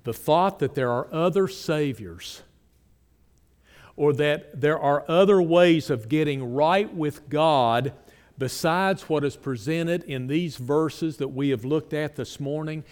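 A man's voice: on the high side, slow pace, a little mellow, clean tone, big-room sound. A man preaching a sermon, reading scripture aloud with strong emphasis and putting pointed questions to his congregation.

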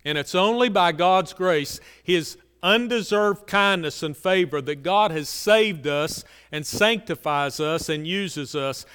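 Earnest preacher in a reverberant hall. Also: male voice, slow, few pauses, smooth. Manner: earnest preaching, repetitive emphasis, drops to soft low lines. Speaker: pastor. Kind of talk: sermon.

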